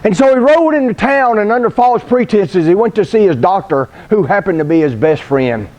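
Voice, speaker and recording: A man preaching a sermon, telling a story with slow, deliberate pauses. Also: high voice, expressive, a little mellow.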